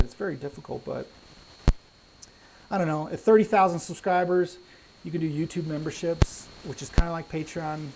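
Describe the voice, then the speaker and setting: Speaking a little high with some vocal fry, a man hosts a relaxed live Q&A for his craps channel, chatting and musing out loud. His clip-on mic and pack pick up background noise in a somewhat echoey indoor room.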